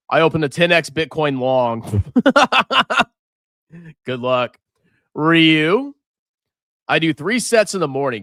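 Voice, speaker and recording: Male stream host, 30s, bright, very expressive, dry close sound. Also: mid-range voice, no room sound. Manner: animated, jokey, reacts loudly to price moves. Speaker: finance livestream host. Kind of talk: casual market livestream.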